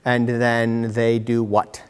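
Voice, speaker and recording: Guy running a parent workshop, animated and jokey, bit of hall echo. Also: mid-range voice, clean tone. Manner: animated, acts out kids and parents in quick voices. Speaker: workshop presenter. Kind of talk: lively workshop talk to parents. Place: meeting room. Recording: hall reverb from a community-TV taped talk.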